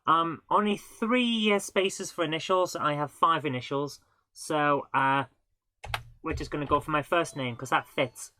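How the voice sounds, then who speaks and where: Bright-voiced woman streaming a retro game. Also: deep voice, measured pace. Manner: chatty, self-mocking, laughs often. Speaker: live-streaming game host. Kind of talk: casual live gameplay commentary.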